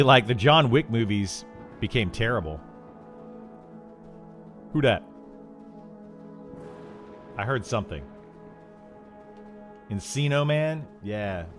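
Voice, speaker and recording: A chatty middle-aged man talks while he streams a game, wandering from topic to topic. He restarts his sentences and fills gaps with ums and uhs. Faint music plays quietly in the background. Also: medium pitch. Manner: rambling, chatty, with many fillers and restarts. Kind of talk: casual chat while streaming.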